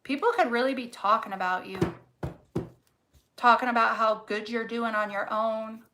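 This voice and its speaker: A woman's voice: a little high, fairly even intonation, normal speed, sharp tone, slight background noise, rough recording. A woman reading tarot cards casually to camera, fervent and encouraging, swearing freely and repeating words for emphasis. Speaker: tarot reader.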